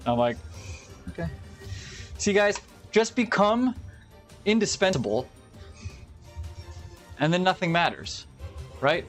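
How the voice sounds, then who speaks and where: A man's voice: fairly high pitch, a little slow, long pauses, faint music behind. A young adult man telling profane, ranting stories in casual chat while streaming. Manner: profane, ranting, animated storytelling.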